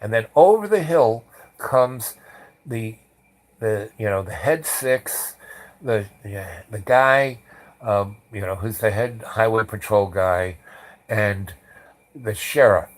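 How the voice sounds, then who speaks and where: A man in his forties telling a rambling personal anecdote, jumping into loud acted-out quotes. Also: lowish voice, takes it slowly, low-quality recording. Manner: animated storyteller acting out quotes loudly. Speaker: storyteller.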